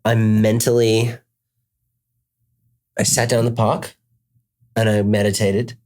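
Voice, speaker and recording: A man's voice: on the low side, level tone, takes it slowly, darkish tone. A man with an Australian accent telling a rambling comic story in a casual chat, full of restarts.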